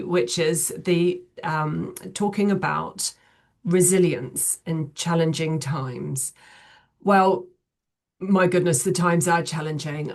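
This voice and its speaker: A middle-aged woman hosts a webinar over a video call, her voice sitting a little low. She speaks in a measured way, filling her pauses with ums and uhs as she runs through the housekeeping and the theme. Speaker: chief executive hosting a webinar. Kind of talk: hosting an online webinar.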